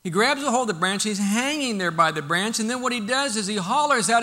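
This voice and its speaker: A man's voice: high voice, a little fast, few pauses, pushed and bright. A man preaching a sermon in a conversational, folksy way, often restarting his sentences. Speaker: pastor.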